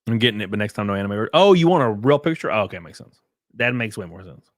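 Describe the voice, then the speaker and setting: Man streamer, casual rambling host, lowish voice, dry close sound. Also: lively intonation, fast, no echo. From Southern United States. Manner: rambling, jokey, reads out chat messages. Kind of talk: casual live-stream chat.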